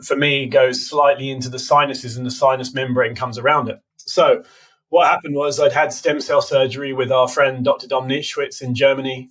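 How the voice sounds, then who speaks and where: A man with a British accent, a podcast guest explaining health topics casually, quick and full of fillers. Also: medium pitch, fairly bright tone. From United Kingdom. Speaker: podcast guest, biohacking conference organizer. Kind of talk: casual interview answers.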